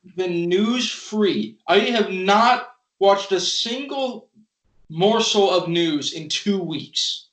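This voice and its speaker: A man's voice: sits high, expressive, slow pace, fairly bright tone, echoey room, rough recording. A man making short, laid-back remarks in casual late-night chat.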